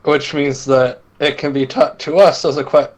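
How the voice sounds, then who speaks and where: A man playing in an online role-play game, explaining his points in a measured, casual way. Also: a little high, fairly even intonation, lo-fi sound. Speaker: tabletop role-play player. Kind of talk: casual chat over voice call.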